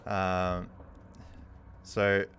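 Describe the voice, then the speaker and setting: A man's voice: sits low, completely flat delivery, extremely slow, fairly bright tone. A man narrating as game master, hesitant and apologetic at times.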